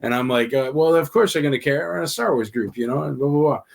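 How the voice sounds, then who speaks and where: Animated storytelling man on a podcast. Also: mid-range voice, fast, creaky. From Nashville area. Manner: animated storyteller, acts out quoted dialogue. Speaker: convention organizer guest. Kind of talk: casual podcast chat.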